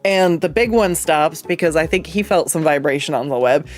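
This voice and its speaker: A streamer chats loosely while drawing, rambling through an anecdote with frequent swearing and laughter. The voice sits in a middle pitch. Soft music plays quietly behind. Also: moderate pace. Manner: rambling, profane, laughs often. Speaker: artist and streamer. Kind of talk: casual storytelling while drawing.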